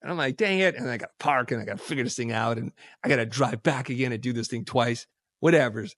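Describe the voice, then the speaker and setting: A man guesting on a podcast, telling stories in a casual, animated way and acting out quoted dialogue. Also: medium pitch, fast talker, dry recording, studio quality. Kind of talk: casual storytelling.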